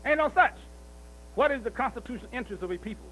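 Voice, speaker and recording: A man preaches in a strikingly high voice, bright and forceful in tone. He drives his points home through repetition and keeps asking his listeners whether they follow him. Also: lively intonation, very fast, a little hiss or hum, rough recording. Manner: emphatic, repetitive, with rhetorical questions like "see?". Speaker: speaker at a commemorative celebration. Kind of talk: preaching-style speech.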